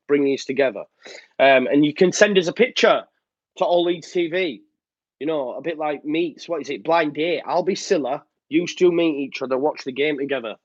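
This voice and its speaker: Rambling host, slightly muffled. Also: male voice, on the high side, no room sound. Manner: chatty and rambling, with many filler ums. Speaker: host of a live fan show. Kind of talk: casual live-stream chat reading out viewer comments. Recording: slightly muffled dry sound.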